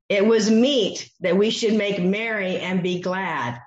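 A woman's voice: mid-range voice, slow pace, few pauses. A woman preaching a sermon, teaching from a Bible passage and acting out the voices she quotes. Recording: echoey dull room sound.

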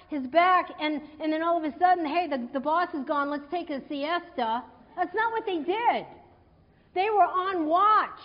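A woman preaching a sermon in a conversational, animated way, retelling a scripture story and acting out its quotes. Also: very high-pitched. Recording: dull sound in a hall with long reverb.

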